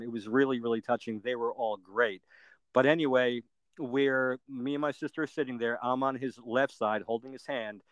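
A man's voice: medium pitch, dry recording, rough recording. A middle-aged man, a podcast guest, telling a personal story earnestly and plainly, step by step, with everyday fillers.

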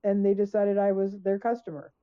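A woman's voice: medium pitch, level tone, a little fast, smooth. A woman guest author in conversational storytelling, emphatic, acting out her own questions. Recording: tinny phone-like line.

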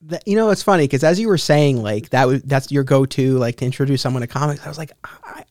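A man's voice: mid-range voice, fast talker, a little mellow, dry recording, studio quality. A man hosting an interview, reacting with enthusiasm and often restarting his sentences as he asks questions. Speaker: interviewer, host. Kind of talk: casual interview chat.

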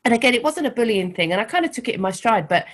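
A middle-aged woman with a softened London Cockney accent, talking candidly as an interview guest and telling stories with animation. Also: a little high, rapid-fire. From East London, England. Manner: candid, animated storytelling with laughs. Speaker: guest, founder of a women's network. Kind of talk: conversational interview.

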